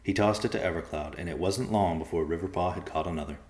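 Deep-voiced man narrating a storybook. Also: fast, darkish tone. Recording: echoey room.

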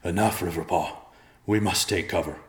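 A man voicing a wounded old male bear who speaks slowly and calmly as a stern father. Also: sits low, roomy sound. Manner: slow, calm, commanding.

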